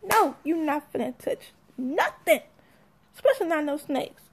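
Young woman, AAVE, high gravelly voice, sassy storyteller acting out quotes. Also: a little slow. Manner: animated, sassy, acts out quotes. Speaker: mother telling a story. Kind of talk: casual storytelling.

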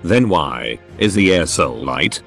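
A man's voice: low voice, very animated, slow, creaky, a bit bright, soft background music, voice pushed down, full character voice. Machine male voice reading a weak bedridden girl. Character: weak, bedridden young woman.

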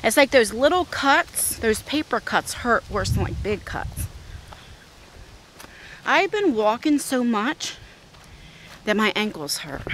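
A woman's voice: on the high side, very animated, slow pace, pauses often, fairly bright tone, a little hiss or hum. A woman out of breath, chatting to her viewers as she walks outdoor trails, filming on a handheld phone. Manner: chatty, talks to viewers while walking. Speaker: vlogger. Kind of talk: casual walk-and-talk vlog.

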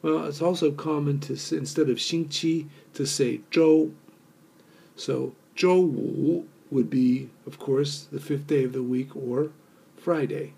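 A man's voice: on the high side, steady tone, takes it slowly, creaky, warm tone, breathy edge. A man teaching a recorded language lesson, explaining step by step with fillers and patiently repeating phrases for learners to echo. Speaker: Mandarin teacher.

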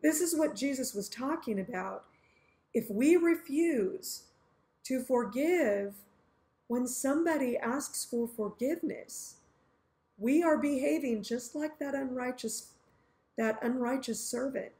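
Slow, high-voiced woman teaching scripture. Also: darkish tone. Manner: earnest, acts out everyday scenarios to explain scripture. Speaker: Bible teacher. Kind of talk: Bible teaching talk.

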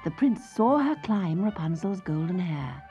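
Slow, expressive woman storyteller. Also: fairly low pitch. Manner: slow, expressive, sing-song reading with soft whispers. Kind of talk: scripted children's story narration. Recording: lo-fi tape with faint music.

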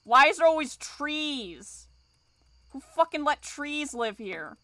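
Woman streamer, bright clear voice, rambling self-mocking chatter, casual swearing. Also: high voice, very animated, slow pace. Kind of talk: casual gameplay commentary.

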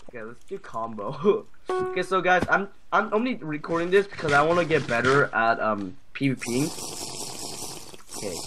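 A man's voice: a little high, normal speed, crowd noise. A man hosting a casual gameplay video, rambling with lots of fillers and yelping when things go wrong. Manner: excitable and rambling, full of fillers and yelps. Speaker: gaming video host.

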